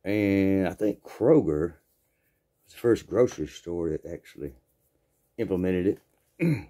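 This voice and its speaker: A man's voice: lowish voice, warm tone. An older man in his sixties with a Southern accent, telling a funny story in a folksy, rambling way, often repeating his words. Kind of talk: casual spoken storytelling.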